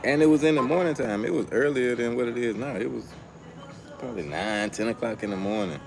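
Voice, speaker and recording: With loud music in the background, a young livestream host talks to his chat outdoors and spins stories in casual slang. His mid-range voice is brisk and carries vocal fry.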